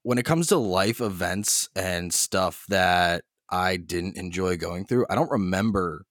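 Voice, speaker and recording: A man's voice: deep voice, animated, a little slow, a bit bright, no room sound, clean studio sound. A man in his twenties co-hosting a podcast, speaking casually in a hesitant, reflective way. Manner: hesitant, reflective, many restarts. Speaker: podcast co-host. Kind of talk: casual chat.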